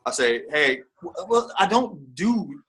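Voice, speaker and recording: A man's voice: on the high side, sing-song, slow pace, a bit bright, breathy edge. A man speaking as a guest in a casual interview, rambling and candid, with lots of fillers and restarts.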